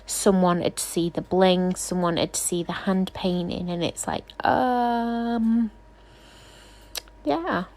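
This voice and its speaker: A woman's voice: lowish voice, slow, a little mellow. A woman nail technician doing a casual, rambling tutorial voice-over, chatty and self-deprecating, often apologizing.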